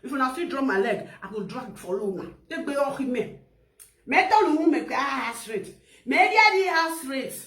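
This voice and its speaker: A Nigerian woman with an Edo accent ranting loudly in a casual vlog, laughing often and mixing Pidgin with a local language. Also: sits high, expressive, normal speed, echoey room. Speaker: social media vlogger. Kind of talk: animated casual rant.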